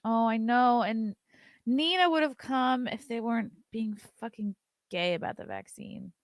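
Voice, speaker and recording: A woman's voice: on the high side, unhurried, no echo, clean studio sound. A woman hosting a live-stream show, chatting loosely, reading viewer messages aloud and swearing casually.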